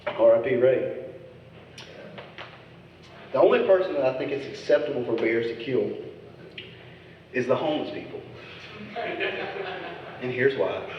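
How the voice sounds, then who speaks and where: A male stand-up comedian working a crowd with crude, teasing bits. His voice sits at an ordinary middle pitch. It comes across as a dull, slightly muffled recording from a distance in a long-echoing club, with faint noise behind it. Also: measured pace, long pauses. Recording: echoey club recording from far off.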